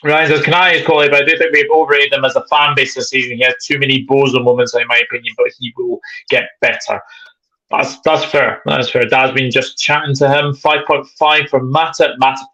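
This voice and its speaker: A man's voice: mid-range voice, flat delivery, a little fast, sharp tone, highs cut off. A man hosting a live football chat stream, reading viewer comments aloud in a chatty way. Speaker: host.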